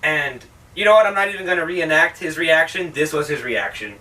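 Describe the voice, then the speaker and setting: A man's voice: fairly high pitch, brisk, distant mic, background noise. A man hosting his own channel, ranting through a sarcastic, profanity-heavy casual movie review. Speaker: film reviewer, channel host.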